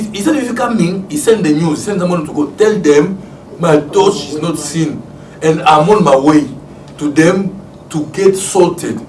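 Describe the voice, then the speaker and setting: Congolese pastor preaching in an echoey room. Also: male voice, fairly high pitch. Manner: storytelling, acts out family scenes with loud excited shouts and laughter. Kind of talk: sermon. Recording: echoey room, distant mic, faint background hiss.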